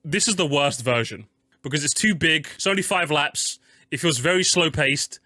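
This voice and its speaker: A young man doing casual live-stream commentary while ranking game tracks, swearing a lot and jumping into high-pitched squeals when annoyed. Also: lively intonation, moderate pace, bright, forceful tone, no echo, studio quality. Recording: game music playing faintly behind.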